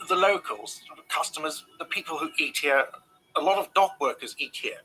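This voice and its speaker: A grumpy hostel manager. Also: male voice, a little high, normal speed, bright, forceful tone, slight background noise, low-quality recording. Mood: grumbling. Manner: irritable, defensive, curt. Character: grumpy middle-aged male hostel manager. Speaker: game character.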